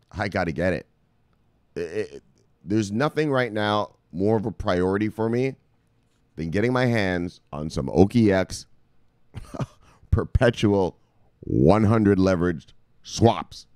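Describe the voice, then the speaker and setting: A man's voice: fairly low pitch, no echo, clean studio sound. A man hosting a crypto video, talking in a casual, profane hype monologue and repeating words for emphasis.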